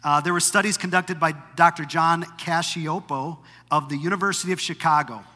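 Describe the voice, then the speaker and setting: A middle-aged male pastor delivers a sermon in a bright, forceful voice that sits a little high for a man. He speaks conversationally and pokes fun at himself as he tells stories. A long reverb from a large hall trails every phrase. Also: fairly even intonation, brisk. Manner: conversational storytelling with self-deprecating humor.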